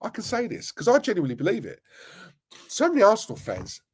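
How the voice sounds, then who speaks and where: A middle-aged man, hosting a live football fan stream in an animated, slangy rant. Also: high voice, fast, husky. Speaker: fan channel host.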